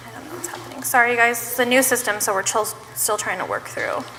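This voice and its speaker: A woman's voice: on the high side, lively intonation, fast talker, big-room sound, heavy background noise. A woman leading a public school board meeting, speaking in an earnest, plainspoken and impassioned way. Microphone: meeting microphone on a live stream.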